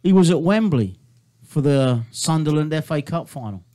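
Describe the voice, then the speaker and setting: A man's voice: on the high side, normal speed. A man with an English accent hosting a casual radio chat, swearing freely and acting out stories in voices. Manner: swears freely, animated, acts out anecdotes in voices. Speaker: radio show host. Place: radio studio.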